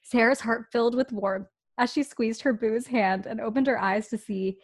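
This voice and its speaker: A woman's voice: a little high, moderate pace. A woman co-hosting a podcast, reading fan fiction aloud in a playful way and breaking into laughter now and then. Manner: playful, laughs often, acts out the dialogue. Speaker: podcast co-host.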